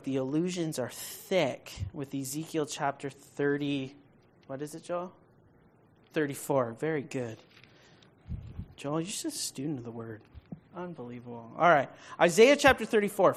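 A woman's voice: low voice, lively intonation, normal speed. Emphatic woman teaching a Bible study. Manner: emphatic, checks in with frequent rhetorical questions; grows loud and forceful when reading scripture aloud.

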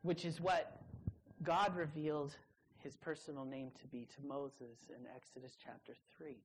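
A young adult woman preaching a sermon to students, leaning hard on key words with drawn-out pauses. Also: deep voice, level tone, slight background noise, poor audio.

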